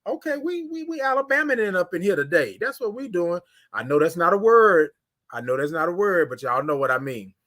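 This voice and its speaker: A man hosting a casual morning livestream, greeting viewers by name in an animated way and drawing out his greetings. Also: high voice, brisk. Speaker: livestream host.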